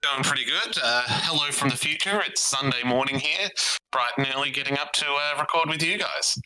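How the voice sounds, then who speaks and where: Bright-voiced young Australian man. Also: medium pitch, fairly quick, poor audio. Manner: easygoing, self-deprecating. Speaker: guest quiz host. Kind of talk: casual podcast chat.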